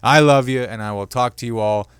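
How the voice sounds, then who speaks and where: A man's voice: mid-range voice, brisk, fairly bright tone, clear, resonant tone, no room sound, studio quality. A young man hosting his own comedy podcast, rambling and joking, amused at his own bits. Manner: rambling, self-amused, jokey. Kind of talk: solo comedy podcast chat.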